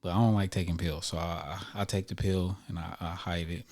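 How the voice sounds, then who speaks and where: A man with a very low, mellow voice recounts a personal story for his vlog. He talks in a loose, slangy, conversational way. The delivery is laid-back storytime. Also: a little fast. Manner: relaxed, conversational, slangy retelling. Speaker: vlogger telling a personal story. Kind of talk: casual storytime.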